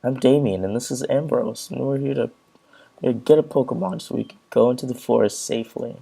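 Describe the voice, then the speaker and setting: A man's voice: medium pitch, a little fast, vocal fry, dark tone, slightly rough. A man commentating on his gameplay and reading game dialogue aloud in a loose, offhand way.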